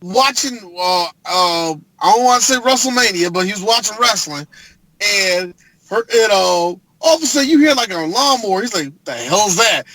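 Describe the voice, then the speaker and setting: A man co-hosting a podcast, chatting casually about a movie as an animated, profane storyteller who laughs often. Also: high-pitched, moderate pace, poor audio. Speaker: podcast co-host. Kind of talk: casual movie review chat.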